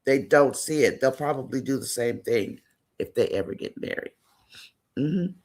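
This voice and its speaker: A man's voice: mid-range voice, normal speed, darkish tone. A man hosting a casual live-stream chat, reading viewer comments aloud and greeting and affirming viewers by name.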